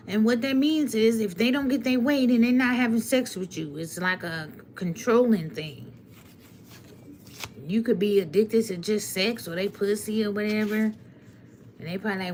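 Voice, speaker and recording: A woman's voice: fairly high pitch, unhurried, fairly bright tone, slight background noise. A woman giving a blunt, preachy tarot reading on a live stream and talking straight to her viewers. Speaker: tarot reader. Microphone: webcam or phone on a live stream.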